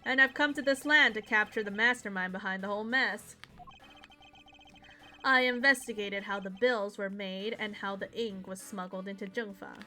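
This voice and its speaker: Woman reading stern young male agent in a detective game, proud and clipped, bright tone. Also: mid-range voice, moderate pace, soft background music, lightly acted. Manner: reading game dialogue aloud.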